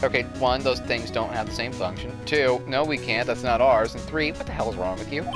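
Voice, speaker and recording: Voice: mid-range voice, brisk. Sarcastic let's-play host over game music. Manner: sarcastic and deadpan. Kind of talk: casual gameplay commentary.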